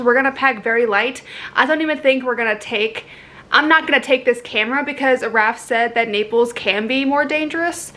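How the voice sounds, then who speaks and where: A young woman talks casually to her camera as a travel vlogger, her voice sitting a little high. She rambles from one thought to the next and breaks into laughter often. The sound comes from a handheld camera in an indoor room. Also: sharp tone. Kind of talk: casual vlog chat to camera. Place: indoors at a lodging.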